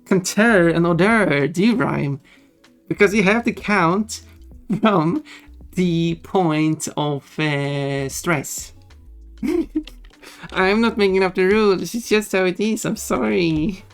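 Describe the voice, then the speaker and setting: Unhurried, laid-back livestreamer. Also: mid-range voice, lively intonation. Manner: chatty, musing, laughs often. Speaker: livestreamer reading chat. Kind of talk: casual livestream chat. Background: faint background music.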